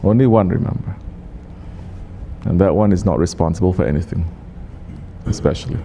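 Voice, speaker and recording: A man with a Turkish accent teaches a congregation in a low, gravelly, mellow voice. He keeps asking the listeners questions and teases them. A faint hum sits under the recording. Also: brisk. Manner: questions the audience, teasing and repetitive. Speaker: sufi teacher.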